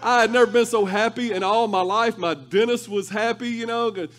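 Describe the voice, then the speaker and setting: High, bright-voiced storytelling preacher. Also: male voice, a little fast. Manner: animated, humorous storytelling with laughter. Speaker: pastor. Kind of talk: sermon.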